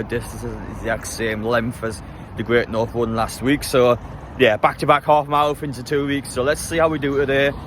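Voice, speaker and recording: Brief: young man, phone vlog, fed-up rants, slight background hiss. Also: medium pitch. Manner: exasperated, swearing, muttering at night. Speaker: vlogger. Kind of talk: casual vlog talk to camera. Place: hotel room at night.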